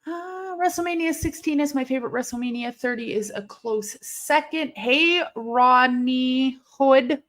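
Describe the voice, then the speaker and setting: A woman hosts a relaxed live watch-along, talking at an unhurried pace in a fairly high voice. She chats with her viewers between matches and bursts into excited shouts at big moments. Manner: chatty, reads and answers live chat; sudden excited outbursts at the action. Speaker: live stream host.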